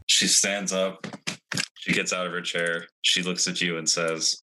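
A man's voice: deep voice, flat delivery, unhurried, background noise. A young man narrating a tabletop game as game master in a laid-back way. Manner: laid-back, narrates and voices non-player characters.

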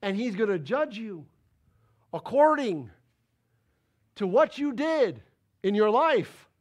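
Animated preacher, high voice. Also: male voice, slow pace, muffled recording. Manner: animated and emphatic, repeats words for stress. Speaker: pastor. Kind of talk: sermon.

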